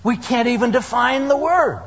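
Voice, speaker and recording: A man's voice: very high voice, moderate pace, slightly rough. A man preaching a sermon, telling the story with humor and acting out the people in it. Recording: dull lo-fi hall recording.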